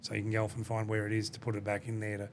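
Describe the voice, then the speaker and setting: Low-voiced man explaining at length. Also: completely flat delivery, rapid-fire. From Australia. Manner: rambling, explanatory, many restarts and "you know". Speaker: company CEO, guest. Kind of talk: casual podcast interview.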